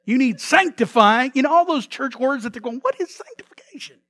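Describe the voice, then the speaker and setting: A man preaching a sermon as pastor, telling the story in a lively way, acting out the figures' lines and often repeating words as he restarts. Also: extremely high pitch, moderate pace, dry recording. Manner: animated storytelling, acts out characters' lines.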